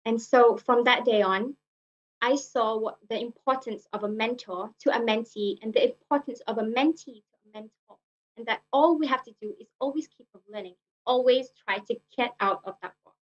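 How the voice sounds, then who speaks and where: A young woman speaking earnestly, her pitch sitting on the higher side. She tends to repeat her phrases and fall back on filler words. The recording is muffled and lo-fi. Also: normal speed. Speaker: club speaker. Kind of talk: prepared personal speech.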